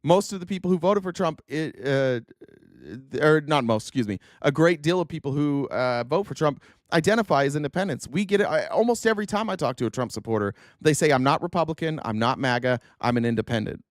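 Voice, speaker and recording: A man's voice: fairly high pitch, lively intonation, fairly quick, no echo, clean studio sound. A man hosting a political commentary stream, ranting in a mocking, profane, heated way.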